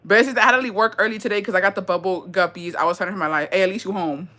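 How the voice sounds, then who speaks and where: A young woman hosting and reading viewer stories in a casual, animated chat, swearing freely and mixing in Spanish words. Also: mid-range voice, very fast. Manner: bursts of laughter and dramatic reactions.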